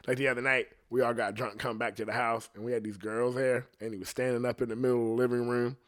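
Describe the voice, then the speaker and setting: Speaking quickly in a level, mid-range voice, this male singer rambles on a podcast, swearing freely and drifting into asides. His storytelling is relaxed and meandering.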